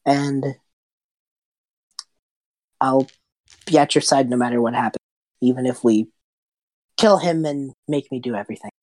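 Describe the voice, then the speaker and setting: A loyal, earnest young man, as a woman game master puts him on. The voice is low and the sound dry and close. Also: unhurried, pauses often, mellow, no echo, poor audio.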